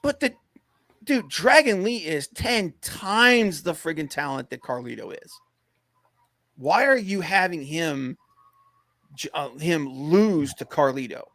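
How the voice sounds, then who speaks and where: Podcast co-host, gravelly male voice, rambling casual rants, full of ums and sudden excitement, dry close sound. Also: fairly high pitch, slow pace, no echo. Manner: rambling, many fillers, gets excited and rants. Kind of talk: casual wrestling podcast chat.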